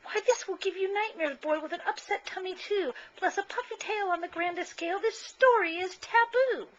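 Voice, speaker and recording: A woman voicing a fussing mother cat in a storybook, scolding in a high, loud, exaggerated voice. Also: moderate pace. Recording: dull lo-fi camcorder sound, faint hiss.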